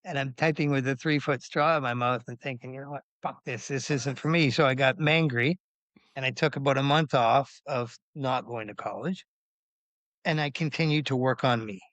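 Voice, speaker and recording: A man in his fifties telling his story as a podcast guest, animated, acting out quoted voices with big jumps in pitch and swearing freely. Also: moderate pace, no echo. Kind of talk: candid storytelling interview.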